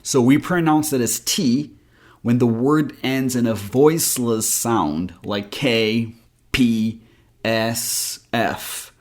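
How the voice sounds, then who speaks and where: A male accent coach walks through a pronunciation lesson at an unhurried, deliberate pace, with his pitch at an ordinary middle level. He explains slowly and carefully, setting out rules one by one and saying example words aloud.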